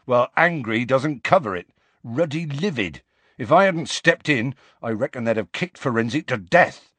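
A man voicing a gruff, rough-spoken giant gamekeeper who talks in clipped, grumbling country phrases. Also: medium pitch, lively intonation, measured pace, fairly bright tone, no echo, pitched above the performer's own voice.

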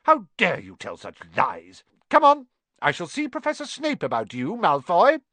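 A man voicing a stern, elderly female professor who scolds in a sharp, clipped way. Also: high-pitched, wildly swooping pitch, moderate pace, dry recording, pitched above the performer's own voice, exaggerated voice. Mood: scornful.

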